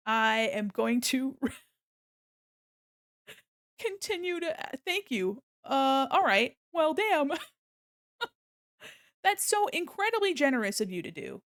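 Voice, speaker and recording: Young woman, streamer, gravelly fry, slow drawn-out talk, gushing, laughs a lot. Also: high voice. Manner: gushing and excitable, laughing often. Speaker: streamer hosting a charity stream. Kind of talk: casual live-stream chat.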